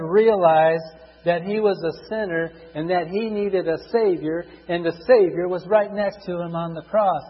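A middle-aged man preaching a sermon, husky, swinging between loud emphatic bursts and quiet asides, drawing out scripture verses slowly. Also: high-pitched. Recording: dull lo-fi recording in a reverberant hall with mains hum.

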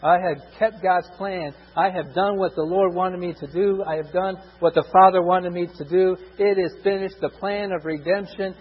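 A man delivers a sermon in a husky, somewhat high voice, hammering his points through repetition and sudden swells in volume. His words ring out with a long reverb, as if in a large church, and the recording sounds dull and muffled. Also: fairly even intonation, normal speed, few pauses. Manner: emphatic, repetitive, rises and drops in volume for stress. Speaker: preacher.

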